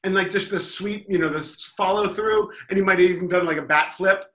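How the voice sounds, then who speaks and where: A man with a bright, forceful voice spins a rambling comic story on a podcast panel. He sits slightly high in pitch and sounds amused with himself, stacking asides and restarts. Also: a little fast. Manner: rambling, self-amused, acts out loud mock quotes.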